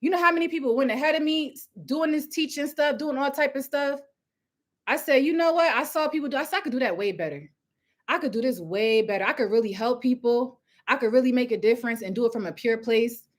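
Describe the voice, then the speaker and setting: A young woman giving a loud, passionate motivational talk on a live stream, laughing often as she preaches. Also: sits high, quick pace. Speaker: host of a live coaching stream. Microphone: phone or webcam at home with ring light.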